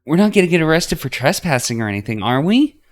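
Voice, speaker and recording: A jittery young woman, as a man puts her on, asks worried questions in a pitch pushed well above a man's speaking voice. Her anxious tone fits a visual novel read aloud, with faint music in the background. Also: sing-song, fast. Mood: nervous. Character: nervous young woman on a risky trespass.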